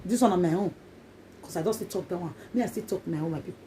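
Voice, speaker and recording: A woman with a Nigerian accent speaks straight to her viewers in a loose, emphatic vlog monologue, circling back and repeating her points. Her voice is mellow and dark-toned. A faint hiss sits under the recording. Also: on the low side, quick pace. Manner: emphatic and repetitive, in Pidgin English. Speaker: vlogger.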